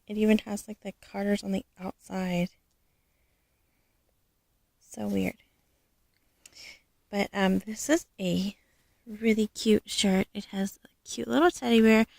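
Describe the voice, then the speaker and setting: A woman showing off her doll collection in a casual vlog, gushing and affectionate, with frequent soft laughs. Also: mid-range voice, creaky, dry recording, studio quality. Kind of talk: casual show-and-tell vlog.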